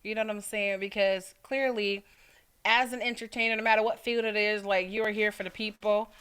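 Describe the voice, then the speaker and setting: A woman's voice: mid-range voice, steady tone, brisk, a bit bright, clean tone. A woman interviewer who asks questions and encourages her guest with short, frequent replies. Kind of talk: casual interview.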